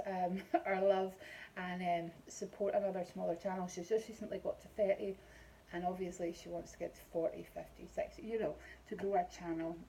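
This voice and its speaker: A middle-aged woman with a Scottish accent chats loosely through a makeup unboxing, rambling and filling pauses with ums. Her voice is soft and mellow. A faint hiss sits under the recording. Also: medium pitch, low-quality recording. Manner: chatty and rambling, with many ums. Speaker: beauty vlogger. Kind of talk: casual unboxing chat.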